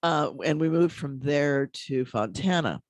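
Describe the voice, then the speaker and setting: A man who is a rabbi talks in a relaxed, chatty way on a call-in radio show, laughing easily and often restarting his sentences. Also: fairly high pitch, measured pace, no echo, studio quality. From American Midwest. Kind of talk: casual call-in radio chat.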